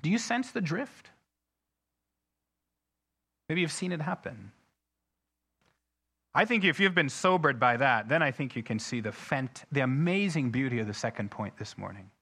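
A man's voice: medium pitch, expressive, normal speed, pauses often, fairly bright tone, breathy edge. A man preaching a sermon, reading scripture aloud with heavy emphasis and often putting questions to the congregation. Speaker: pastor.

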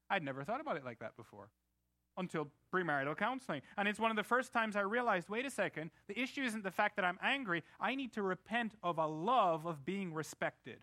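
Bright-voiced male pastor preaching. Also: sits high, expressive, brisk, no room sound. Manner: conversational preaching with personal stories and questions to the congregation. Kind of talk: sermon.

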